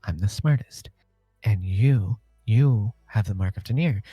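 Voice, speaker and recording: A man's voice: on the low side, a little slow, dark tone, slightly rough, no room sound, highs cut off, soft background music, voice pushed down. A man voicing a smug boastful male character in a tabletop game.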